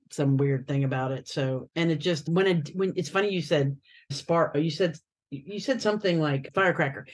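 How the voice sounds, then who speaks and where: A woman guest artist chatting casually in an interview, rambling and often restarting her sentences. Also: deep voice.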